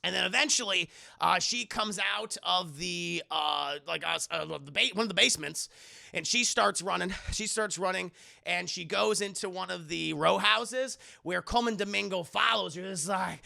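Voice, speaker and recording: A man recapping a film live for his stream chat, profane, joking and animated. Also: high-pitched, normal speed, vocal fry.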